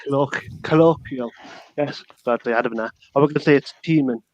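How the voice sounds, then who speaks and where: A man's voice: mid-range voice, a little fast, a little mellow, no echo, lo-fi sound. A man with a Geordie accent talks casually on a dry, close mic, his voice sitting in a middle register. He stops and restarts his sentences a lot and fills the gaps with "um" and "like". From North East England. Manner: hesitant, with restarts and fillers. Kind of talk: casual chat.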